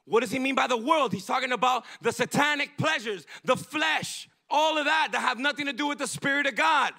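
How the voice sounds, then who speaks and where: A male pastor delivering a fervent, emphatic sermon that rises into bursts of shouting. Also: very high voice, brisk, gravelly, few pauses. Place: church.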